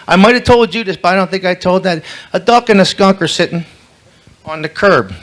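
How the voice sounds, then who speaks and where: A man's voice: fairly high pitch, fairly bright tone. Rambling man roasting a friend. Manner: rambling setups, loses his place, bawdy punchlines. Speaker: roaster, emcee. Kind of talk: comedy roast joke-telling. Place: banquet hall, live event.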